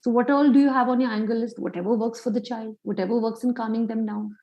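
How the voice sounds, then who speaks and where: A woman's voice: on the high side, steady tone, fast talker, muffled recording. A woman, a clinical psychologist answering a parent's question in a webinar, asking rhetorical questions with a few fillers. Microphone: video call.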